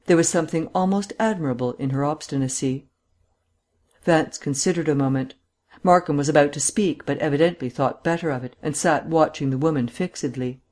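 A man narrating a detective novel audiobook in a measured, steady way. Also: medium pitch.

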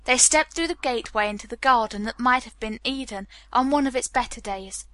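A woman reads a novel aloud in a measured, even audiobook style. Her voice is bright and somewhat high. The sound is dry and close. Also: no room sound. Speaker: audiobook narrator. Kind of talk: scripted narration.

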